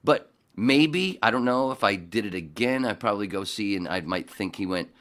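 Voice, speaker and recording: A man's voice: lowish voice, animated, normal speed, a bit bright. A man hosting a podcast, talking casually and bluntly with plenty of swearing, rambling through his thoughts. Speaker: podcast host.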